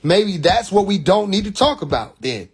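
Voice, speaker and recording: A man's voice: high-pitched, lively intonation, moderate pace, slightly rough. A young man from Atlanta with a Southern accent, hosting a phone live stream and lecturing in a mocking, preachy way, firing rhetorical questions with profane slang. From Atlanta, USA. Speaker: livestream host. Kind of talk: rambling live-stream monologue.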